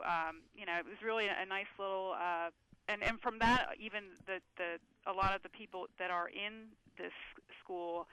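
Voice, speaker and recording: Woman caller, gravelly but bright voice, rambles, dry sound. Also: medium pitch, dry recording, poor audio. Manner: rambling, many restarts. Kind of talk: phone call to a radio show.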